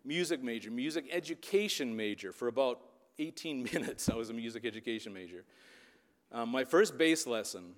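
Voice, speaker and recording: Telling a story from the pulpit, a preacher and youth leader in his fifties from the Upper Midwest keeps checking in with his listeners. His medium-pitched voice is expressive and fairly quick, ringing with the long reverb of a large hall.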